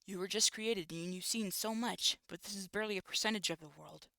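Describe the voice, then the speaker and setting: A streamer narrating a visual novel aloud in steady storybook fashion, with occasional asides. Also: mid-range voice, brisk, vocal fry, dry recording, studio quality.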